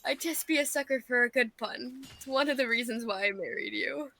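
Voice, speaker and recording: A woman's voice: on the high side, brisk, creaky, pushed and bright. A woman bantering with her spouse during a game stream, teasing him and swearing freely. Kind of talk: casual banter.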